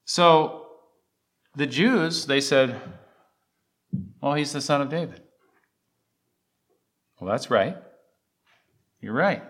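A man delivering a sermon at an unhurried pace. His voice rises and falls in lively sweeps as he recites scripture and puts emphatic questions to his listeners. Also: medium pitch. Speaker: pastor.

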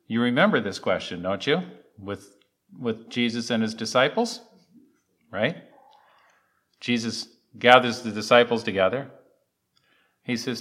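A man's voice: mid-range voice, a little slow, long pauses, fairly bright tone. A man preaching a sermon, reciting scripture and asking the congregation emphatic questions. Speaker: pastor.

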